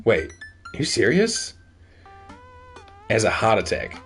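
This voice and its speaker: A man's voice: on the low side, wildly swooping pitch, slow pace, soft background music. A man joking through a let's-play of a dating game, self-mocking, swearing and stumbling over words. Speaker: gamer reading and playing a dating game.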